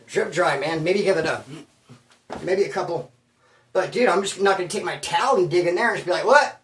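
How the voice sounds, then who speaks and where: A man's voice: sits high, fairly quick, far from the mic, slight background noise. A man hosting his channel, telling stories in a casual, slangy, self-mocking way. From Bakersfield, California. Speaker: channel host. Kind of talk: casual storytelling monologue. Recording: roomy sound, voice away from the mic.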